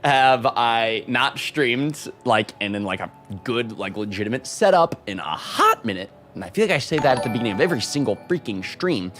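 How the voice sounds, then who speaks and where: A man live-streaming, chatting casually with his viewers and reading out super chats, excitable and quick to laugh. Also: medium pitch, faint music behind. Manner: excitable, laughs often, loud shout-outs.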